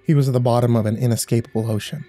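Somber male horror narrator, dark tone. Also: mid-range voice, fairly even intonation. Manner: measured, somber storytelling with quiet dialogue reads. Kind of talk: scripted horror story narration. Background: faint music.

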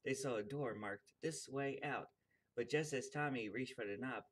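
A man's voice: medium pitch, normal speed. A young man casually reading a children's picture book aloud and chuckling along with the story. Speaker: reader.

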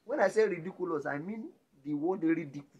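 A man's voice: on the high side, animated, quick pace, slightly rough, dull audio. Emphatic Nigerian male preacher. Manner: emphatic, swings between loud exclamations and hushed lines. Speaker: pastor. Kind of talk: sermon.

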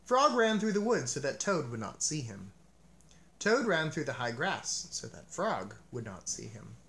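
Man narrating a children's storybook, gentle, expressive, lively varied pitch. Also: a little slow, creaky. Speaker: storybook reader. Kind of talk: children's story read-aloud.

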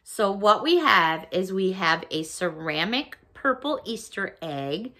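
An excitable woman from the United States chatting casually through a shopping haul, gushing and squealing over her finds. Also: mid-range voice, slow pace. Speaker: vlogger showing a shopping haul. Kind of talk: casual haul video talk.

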